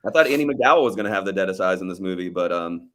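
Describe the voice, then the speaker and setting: Man, podcast co-host, quick delivery, animated, swears freely, acts out scenes while chatting about films. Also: low voice. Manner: fast, animated, profane, acts out film scenes. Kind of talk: casual movie review chat.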